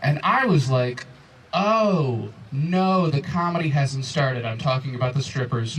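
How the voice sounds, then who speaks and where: A man in his twenties doing a stand-up comedy set, telling stories with exasperated, animated crowd banter. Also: mid-range voice, normal speed, recorded from a distance, a little hiss or hum, low-quality recording. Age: 20s. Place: comedy club stage before a crowd. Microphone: handheld stage microphone.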